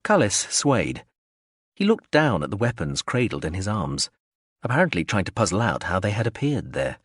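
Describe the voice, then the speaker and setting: A man narrating a science-fiction audiobook in a measured, expressive storytelling manner. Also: on the low side, slightly rough, no room sound, studio quality. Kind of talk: scripted narration.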